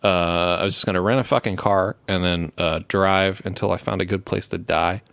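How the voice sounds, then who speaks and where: A man's voice: deep voice, fairly even intonation, normal speed, gravelly, fairly bright tone, smooth, dry recording. A young man in casual, profane chat, rambling through stories and laughing as he talks. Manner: rambling, swears constantly, laughs while telling stories. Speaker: show host.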